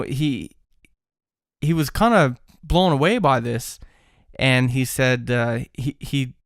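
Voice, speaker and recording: A man's voice: mid-range voice, no room sound, clean studio sound. A man telling a paranormal story in a casual, rambling way, full of fillers and restarts.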